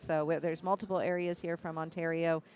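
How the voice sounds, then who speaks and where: A woman's voice: low voice, flat delivery, brisk, darkish tone. A woman co-hosting a pool tournament live stream, announcing upcoming matches in an informative way. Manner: informative, laughs easily. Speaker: stream co-host.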